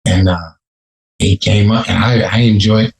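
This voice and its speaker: A man's voice: on the low side, steady tone, unhurried, gravelly, roomy sound, low-quality recording. A man from Chicago, a rapper, telling stories in a casual, profane podcast interview. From Chicago, USA. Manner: laid-back, profane, storytelling. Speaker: rapper guest.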